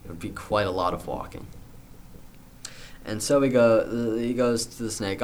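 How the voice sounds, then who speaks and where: A young man spinning a made-up story in a loose, rambling way, full of fillers and restarts. His voice sits a little low and his delivery stays easygoing. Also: measured pace, pauses often, darkish tone, slight background noise. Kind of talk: casual improvised storytelling.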